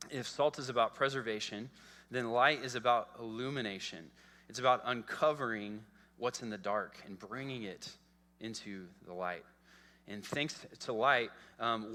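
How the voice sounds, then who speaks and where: A man's voice: medium pitch, pushed and bright. A man preaching a sermon as pastor, earnest and prone to repeating words and checking in with "okay?". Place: church sanctuary. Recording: long church hall reverb.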